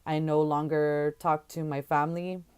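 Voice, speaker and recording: A woman telling her own past in candid, halting testimony with many fillers and restarts, her voice rising and growing louder when she quotes others. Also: low voice, flat delivery, clean tone. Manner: voice climbs and gets louder when quoting others.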